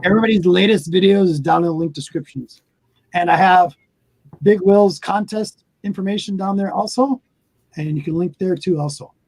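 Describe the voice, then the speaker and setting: A man hosting a casual online panel chat, quick with affirmations and plugs. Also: high voice, darkish tone, no room sound, rough recording. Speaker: host.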